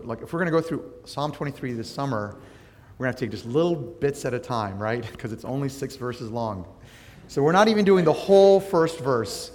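Conversational male pastor in a reverberant hall. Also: mid-range voice. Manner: conversational teaching with prayer, asks listeners questions. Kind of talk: sermon.

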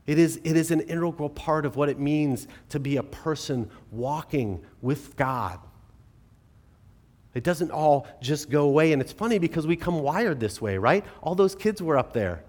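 A man in his forties preaches from the pulpit in a slightly high voice, talking to his congregation as if in conversation. He moves between lively, louder passages and soft, hushed ones. The sound carries the long reverb of a church hall. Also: normal speed. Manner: earnest, conversational, shifts from animated to hushed. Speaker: pastor. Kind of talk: sermon. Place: church sanctuary.

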